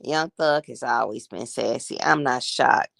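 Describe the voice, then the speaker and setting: A woman's voice: a bass voice, measured pace, creaky, fairly bright tone, no echo, clean studio sound. A woman in her sixties hosting a casual livestream chat, gossiping and talking to her viewers as y'all. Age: 60s. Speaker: livestream host.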